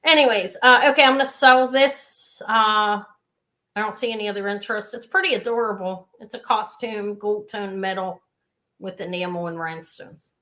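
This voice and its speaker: Showing off each piece during a live jewelry sales stream, a chatty host keeps wandering into side stories and asides. She talks at normal speed in a mid-range voice with fairly even intonation and a bright, forceful tone.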